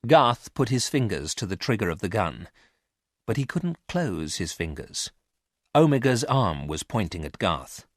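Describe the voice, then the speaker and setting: Man, narrator, clear expressive reading, low voice, lively, dry close sound. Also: measured pace, dry recording. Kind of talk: scripted audiobook narration.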